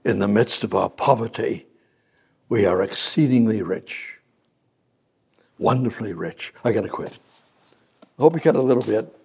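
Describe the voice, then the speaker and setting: A male preacher with a gravelly, husky voice, delivering a sermon. He repeats words for emphasis and climbs from quiet reading into excited, rising bursts. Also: fairly low pitch, moderate pace, long pauses.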